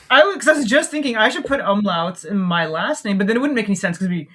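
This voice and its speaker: A Canadian woman co-hosting a podcast in casual chat, playful and quick to laugh. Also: mid-range voice, expressive, fairly bright tone. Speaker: podcast co-host.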